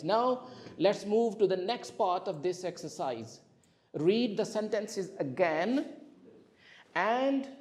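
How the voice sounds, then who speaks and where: Male classroom teacher, lively high voice, clear questions, drills word stress. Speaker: English teacher.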